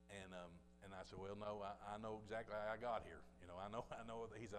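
A middle-aged man preaching a sermon as a personal story, his voice climbing high and loud when he acts out pleas to God. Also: brisk, soft background music. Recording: echoey hall with faint noise.

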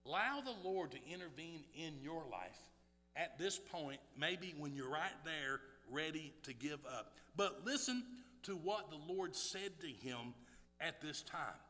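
A man preaching a sermon, swinging from hushed, low passages to loud, shouting exhortation. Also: lively intonation, measured pace, big-room sound, faint music behind.

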